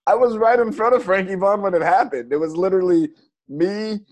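A male stand-up comedian telling a story in casual chat, animated and swearing, acting out other people's lines. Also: sits high, fairly quick.

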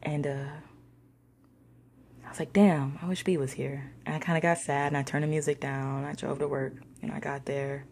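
A young woman telling a personal story in a slangy, conversational way, sometimes dropping into soft whispers. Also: a bass voice, completely flat delivery, moderate pace, vocal fry, a little hiss or hum. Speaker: discussion participant.

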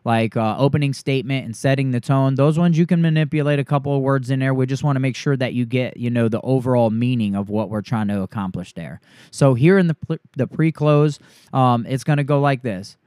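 A man working as a sales coach, walking through a sales script line by line and acting out the pitch he gives a homeowner. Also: fairly quick, a little mellow, no room sound, studio quality.

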